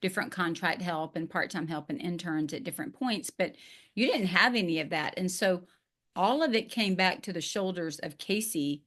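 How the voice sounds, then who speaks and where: A woman's voice: on the low side, animated, moderate pace, a bit bright. Upbeat woman podcast host. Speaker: podcast host and business coach. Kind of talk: casual interview chat.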